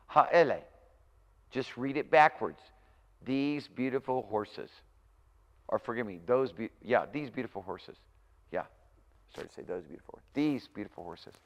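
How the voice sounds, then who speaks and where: Guy teaching a language class, chatty, fixes himself a lot, room echoes long. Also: medium pitch. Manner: informal, thinks aloud, corrects himself. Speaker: language lecturer. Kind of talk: recorded university lecture.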